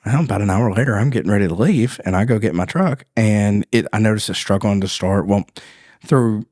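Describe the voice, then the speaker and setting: A man hosting a faith podcast, telling a story in an animated, casual way, laughing often and acting out the voices of the people in it. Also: lowish voice, brisk, no room sound, clean studio sound. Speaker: podcast host.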